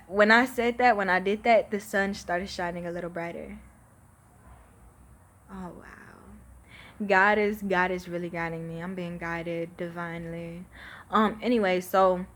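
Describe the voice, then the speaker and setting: A thirteen-year-old girl venting to camera, emphatic, exasperated and full of swearing. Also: mid-range voice. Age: teens.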